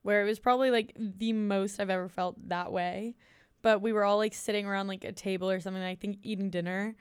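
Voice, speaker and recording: A woman's voice: mid-range voice, fairly even intonation, brisk, clear, resonant tone, dry recording, clean studio sound. A young woman co-hosting a casual podcast chat, telling teasing stories and swearing casually. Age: young adult. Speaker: podcast co-host.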